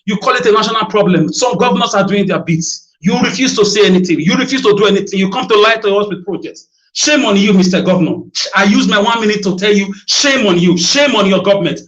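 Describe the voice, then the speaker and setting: A man's voice: high voice, animated, quick pace, few pauses, fairly bright tone. A Nigerian man making an emotional, accusing public appeal, repeating phrases for force. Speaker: citizen addressing a governor in a video. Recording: dull lo-fi video audio.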